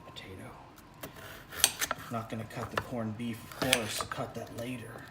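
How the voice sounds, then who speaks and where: Man, home cooking vlog, playful exclamations, soft whispers at times, mid-pitched voice, loud kitchen clatter behind. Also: level tone, measured pace, heavy background noise. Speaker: father vlogger. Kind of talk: casual cooking vlog with ASMR sounds.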